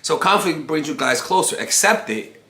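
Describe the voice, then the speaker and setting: Man, dating coach, rambling casual advice, swooping lively pitch, bright edge, roomy echo. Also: normal speed. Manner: rambling, profane, animated storytelling with many restarts. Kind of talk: casual advice monologue to camera. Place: room at home. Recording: echoey room.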